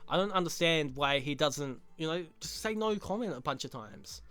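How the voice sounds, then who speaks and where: A man's voice: a little high, expressive, moderate pace, a bit bright, clear, resonant tone, no room sound. A young man recapping a show in casual, crude, laughing commentary full of slang. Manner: crude, laughing, rambling slang-heavy talk. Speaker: show reviewer.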